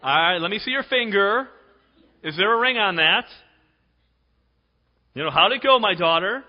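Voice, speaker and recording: A man voicing an excited, nosy older woman, the mother-in-law, who fires off teasing questions. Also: high-pitched, voice pushed up. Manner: eager, teasing, rapid-fire questions. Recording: dull sound in a reverberant hall.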